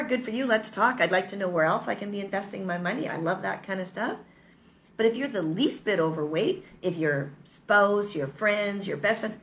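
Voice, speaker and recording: A woman's voice: mid-range voice, a little hiss or hum. A woman talking in a casual motivational vlog, chatty, upbeat and persuasive. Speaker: vlogger. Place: lives in Mexico.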